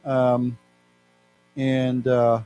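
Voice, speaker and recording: A man with an American accent giving a live English lesson, reading news aloud slowly and explaining words to his class. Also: medium pitch, monotone, mellow, muffled recording, faint music behind. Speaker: English teacher. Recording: faint mains hum.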